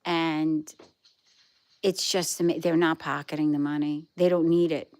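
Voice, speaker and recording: A woman's voice: sits low, level tone, unhurried, a little mellow, dry recording. A middle-aged woman from Brooklyn hosting a live stream, chatting casually with viewers in a rambling, storytelling way. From Brooklyn, New York. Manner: chatty, rambling storyteller who trails off and restarts. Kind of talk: casual chat answering viewer comments.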